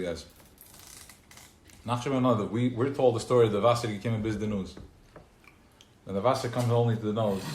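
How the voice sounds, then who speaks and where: Animated man teaching in a roomy space. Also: mid-range voice. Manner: animated, gets worked up and loud, then drops to quiet asides. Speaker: teacher of a class. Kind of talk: informal live teaching talk to a small group. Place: room with a small live audience. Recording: roomy live recording with faint noise.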